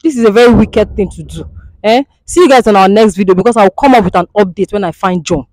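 Host, pleading and soothing, earnest, medium pitch, dry sound. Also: quick pace, a little mellow, no room sound, rough recording. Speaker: skit host. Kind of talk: comedy skit, addressing viewers.

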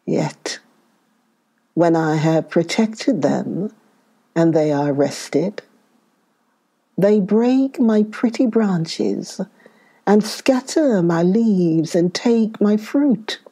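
A woman's voice: lowish voice, animated, drawn-out words, long pauses, mellow, voice pushed up, exaggerated voice. A woman doing a mournful whispering banyan tree. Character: sorrowful old banyan tree, bitter at mankind.

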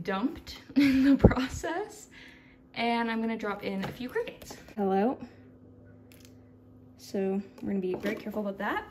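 A woman's voice: a little high, darkish tone, a little hiss or hum. A young woman chatting casually in a vlog as she sets up a pet enclosure, apologetic and a little flustered. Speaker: reptile keeper vlogger.

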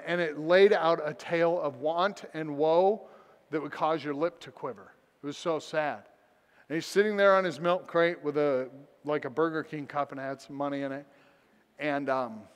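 A man preaching a sermon as pastor, telling a personal story with self-deprecating humor. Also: a little high. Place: church sanctuary. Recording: long church reverb.

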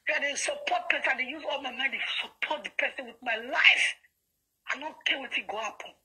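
A woman's voice: high voice, fast talker, pushed and bright, poor audio. A young woman with a Nigerian Pidgin accent, calling in angrily and insisting she does not back down. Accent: Nigerian Pidgin English. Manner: angry, defiant, insistent. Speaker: caller. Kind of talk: heated phone call on a live video.

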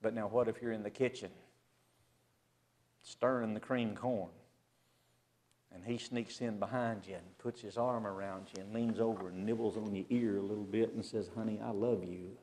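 A man preaching a sermon to a church assembly, swinging from loud emphasis to a hushed near-whisper. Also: lowish voice, fairly even intonation, moderate pace, long pauses.

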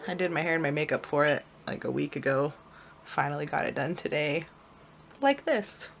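A woman's voice: low-pitched, normal speed, vocal fry, slight background noise. A young woman and new mother chatting casually for her vlog, rambling a little and laughing easily.

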